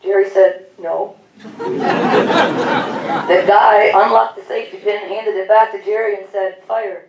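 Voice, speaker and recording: A woman's voice: mid-range voice, a little slow, long pauses, over a noisy crowd. Woman reading tributes in an echoey hall. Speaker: announcer reading veterans' service stories. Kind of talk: read-aloud tributes at a public event. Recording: echoey room, distant mic, faint noise.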